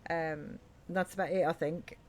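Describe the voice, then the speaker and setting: A woman chatting casually and softly on a gaming live stream, rambling with many fillers. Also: low-pitched, steady tone, a little slow, a little hiss or hum.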